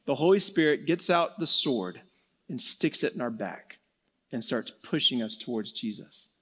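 A man preaching a sermon in an earnest way, slowing and dropping soft for emphasis, then rising again. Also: medium pitch, animated, a little hiss or hum. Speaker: pastor.

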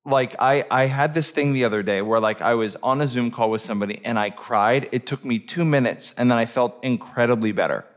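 Male podcast host, mid-pitched voice, eager questioner. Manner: curious questioner, excitable and quick to follow up. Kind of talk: casual podcast chat.

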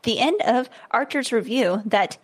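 A young woman co-hosts a casual podcast and reads listener reviews aloud. She laughs often and adds playful asides. Her voice sits fairly high. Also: lively intonation, a little slow, breathy edge.

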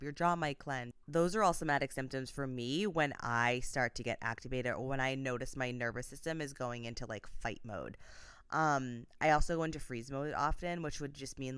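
A woman's voice: rumbling low, a bit bright, clear, resonant tone, no echo, clean studio sound. A woman in her thirties hosting her own podcast, talking casually and upbeat with lots of fillers. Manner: chatty and upbeat, many "like" fillers. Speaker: podcast host, life coach. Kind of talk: casual solo podcast talk.

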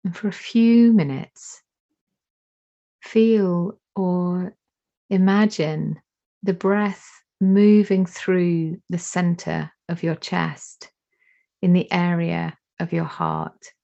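A woman leading a guided meditation, giving slow, soothing instructions with long pauses between phrases. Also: on the low side, gravelly, dark tone. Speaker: meditation teacher. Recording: dull lo-fi recording.

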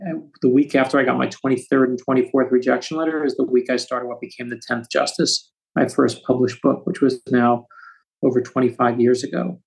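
Gravelly storytelling author. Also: male voice, mid-range voice, poor audio. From United States. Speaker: author guest. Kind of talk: storytelling interview.

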